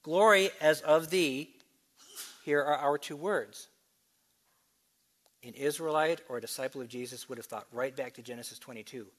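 A man preaching a sermon, explaining scripture with quick asides and slow, emphatic readings. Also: mid-range voice, fairly even intonation. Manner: expository teaching, shifts between brisk asides and slow emphatic reading.

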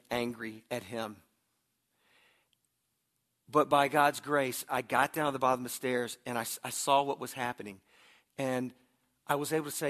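Middle-aged man, pastor; conversational sermon, gravelly mid-pitched voice, stumbles on starts. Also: fairly bright tone. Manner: conversational, repeats words when starting sentences.

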